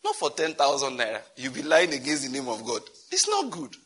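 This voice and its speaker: A man's voice: medium pitch, fast, husky. A middle-aged man with a Nigerian accent preaching a teaching sermon, telling stories, acting out dialogue and laughing along. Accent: Nigerian English. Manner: animated storytelling, laughs and acts out dialogue.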